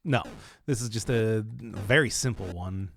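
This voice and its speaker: A man commenting on a puzzle game as he plays, thinking aloud and hesitating, with sudden bursts of excitement. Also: on the low side, unhurried, gravelly, slight background noise. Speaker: let's play host. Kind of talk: let's play commentary.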